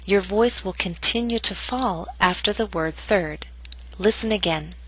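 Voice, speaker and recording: A woman teaching English pronunciation, reading scripted instructions and slow model sentences for learners to repeat. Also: mid-range voice, bright, forceful tone, poor audio.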